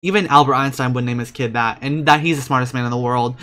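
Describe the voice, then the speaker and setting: A young man with a bright, forceful voice and an average pitch, chattering through a life-sim gameplay session. He is excitable, breaks into gasps and squeals, and swears casually as he talks straight to his viewers. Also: fast talker. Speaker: let's play creator.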